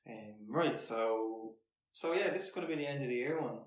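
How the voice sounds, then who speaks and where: A man's voice: mid-range voice, moderate pace. A young Irish man hosting a casual podcast, asking questions and moving the talk along. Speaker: podcast host. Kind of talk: casual interview chat. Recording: echoey room, faint noise and clicks.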